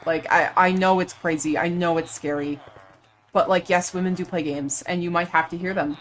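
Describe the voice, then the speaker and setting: A young woman with a slightly low voice chats loosely through a live gaming stream. She rambles from one thing to the next and laughs easily, in an offhand, conversational way. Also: fairly even intonation. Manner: chatty, rambling, quick to laugh. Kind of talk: casual chat while gaming.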